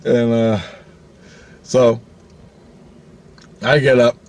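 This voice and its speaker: This one is very slow, delivered in a mid-range voice by a middle-aged man casually relating a personal story. Expect lots of swearing, plenty of animation, and acted-out voices for the people he quotes.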